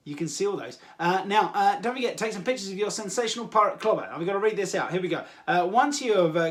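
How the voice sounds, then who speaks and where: A man's voice: high-pitched, a bit bright. An English man hosting a children's activity show, talking to kids in a playful, jokey way with lots of "uh" fillers. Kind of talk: upbeat chat to children.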